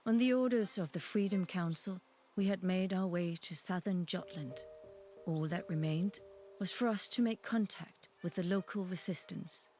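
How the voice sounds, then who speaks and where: A woman voicing a female resistance leader on the run, giving measured, sober game narration. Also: on the low side, dark tone, soft background music, lightly acted. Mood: grim.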